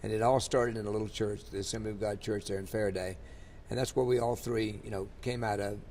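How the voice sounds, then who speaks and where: A man's voice: fairly low pitch, fairly even intonation, fast, darkish tone, a little hiss or hum. Older man telling stories. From Louisiana, USA. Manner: rambling, many fillers and restarts. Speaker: interviewee, country singer. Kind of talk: storytelling in an interview.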